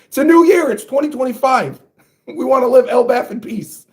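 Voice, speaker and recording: A man's voice: very high-pitched, animated, moderate pace, a little mellow, voice pushed up. A man voicing a group of frightened children who plead for peace, in a pleading, strained voice.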